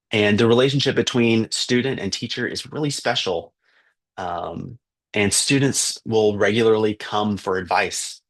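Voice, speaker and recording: A man, a missionary teacher, earnestly telling a story for fundraising, with fillers and restarts. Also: fairly low pitch.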